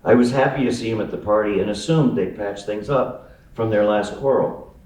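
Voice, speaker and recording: A man's voice: on the low side, normal speed. Wry man reading aloud in a roomy hall. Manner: wry, amused, lively storytelling. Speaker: author reading his memoir. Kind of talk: memoir reading. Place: live event venue. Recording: roomy sound from a distant mic.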